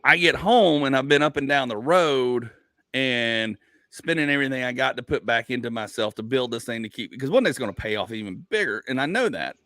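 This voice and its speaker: Here a man with a medium-pitched voice talks a little fast, with no room sound. He's a comedian hosting a laid-back podcast, spinning animated, rambling stories with frequent restarts and the occasional swear word.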